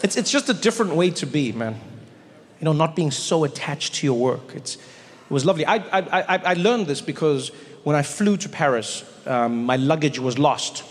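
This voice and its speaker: A male comedian performing stand-up on stage, his voice sitting a touch high for a man. He talks animatedly and leaps upward into mock voices. The sound rolls around a large hall with long reverb over faint hiss. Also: moderate pace. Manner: animated, jumps up in pitch for quoted voices.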